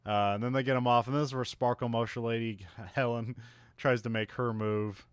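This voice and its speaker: A man's voice: mid-range voice, steady tone, normal speed, clear, resonant tone, no room sound. A man recapping a movie in casual podcast chat, rambling with lots of fillers and frequent chuckles. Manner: rambling, laughs often, many fillers. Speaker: podcast co-host.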